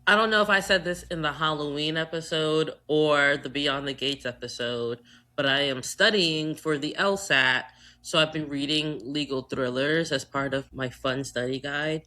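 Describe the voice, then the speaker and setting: A Trinidadian American woman co-hosting a podcast in casual chat, animated and joking, swearing freely. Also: deep voice. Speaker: podcast co-host.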